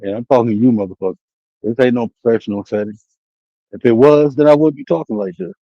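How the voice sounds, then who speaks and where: Talking fast with vocal fry in a mid-range voice, a male streamer and life coach rants casually on his livestream. Recorded on a streaming setup mic with no room sound and highs cut off, he curses at the chat and challenges viewers to get on the call.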